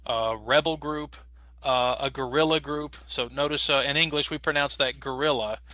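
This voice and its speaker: A man teaching an English as a second language class over a video call, explaining patiently and slowly with lots of fillers. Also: mid-range voice, fairly even intonation, bright, forceful tone, dry recording. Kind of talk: online class instruction.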